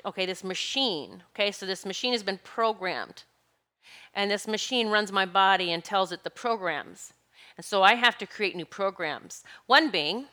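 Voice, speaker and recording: Bright-voiced woman giving a rambling spiritual talk. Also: medium pitch. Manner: rambling, searching for words, laughs between thoughts. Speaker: spiritual speaker.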